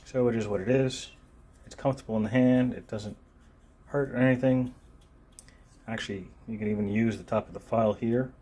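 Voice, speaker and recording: A man casually reviewing a multitool on camera, talking in a relaxed, meandering way with frequent ums and uhs while he handles it. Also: medium pitch, a little fast. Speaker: gear reviewer. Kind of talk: unscripted product review. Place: filming himself while handling the tool.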